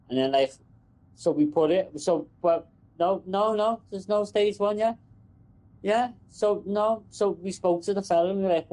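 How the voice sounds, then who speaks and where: A man's voice: sits high, normal speed, rough recording. Sweary Scouse man ranting about work. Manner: sweary, rambling, animated. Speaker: telecom engineer. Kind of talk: casual chat.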